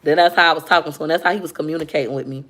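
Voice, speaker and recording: A woman's voice: low voice, very fast. A young woman, chatting candidly with viewers on a casual livestream and reading their comments. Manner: chatty, candid, animated when retelling.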